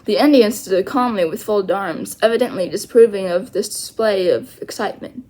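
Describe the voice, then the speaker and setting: A woman reading a children's chapter book aloud, slowly and carefully, with small self-corrections. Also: medium pitch, mellow. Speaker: storyteller.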